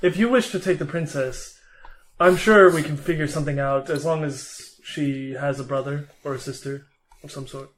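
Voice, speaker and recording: A man's voice: fairly high pitch, moderate pace, rough recording. A man playing a tabletop game, joking casually in character. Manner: jokey, casual in-character banter. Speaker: player. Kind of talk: casual tabletop role-play.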